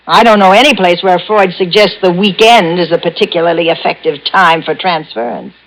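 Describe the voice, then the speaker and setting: A woman's voice: on the low side, a little fast, close to an everyday voice. An actress in a 1950s radio drama playing a troubled woman patient who is bitterly in love with her psychiatrist. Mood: mocking. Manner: bitter, mocking, then pleading and sobbing. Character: unstable, lovesick woman patient in therapy. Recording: muffled old radio broadcast.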